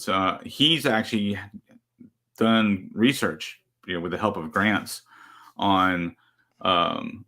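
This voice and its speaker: A man co-hosting a casual chat, easygoing and trailing off softly at times. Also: deep voice. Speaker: podcast co-host.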